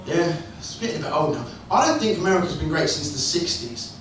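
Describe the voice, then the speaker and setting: Performing stand-up indoors at a club, this man has a brisk, slightly bright voice that sits on the high side and swings widely in pitch. His material is crude and sweary, delivered in a wry, storytelling way. The recording is noisy, captured from a distance in a reverberant room.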